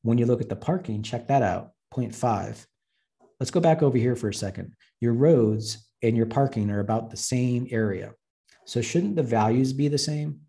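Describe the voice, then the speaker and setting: A man's voice: medium pitch, moderate pace, vocal fry, dark tone. A man, an urban planner, giving a blunt, joking webinar talk over slides and acting out the dialogue he quotes. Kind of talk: presentation with slides.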